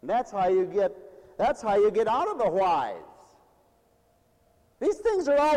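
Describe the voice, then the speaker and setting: A man preaching a lively sermon, playful and animated, laughing often and acting out whiny voices. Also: high-pitched, normal speed, long pauses. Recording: hall with long reverb.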